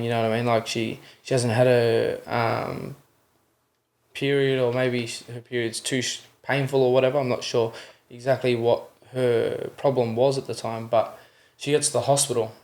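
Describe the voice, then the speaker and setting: A young Australian man with a gravelly, creaky voice tells his story as a podcast guest, earnest and candid. His pitch stays fairly flat as he acts out the voices in his retellings and keeps checking in with "you know what I mean.".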